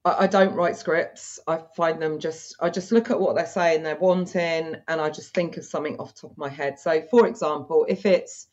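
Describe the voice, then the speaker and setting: A woman's voice: low voice, steady tone, moderate pace, hardly any pauses, darkish tone, lo-fi sound. A woman chatting frankly as a podcast guest, laughing easily as she talks. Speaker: guest, dominatrix. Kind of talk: casual chat.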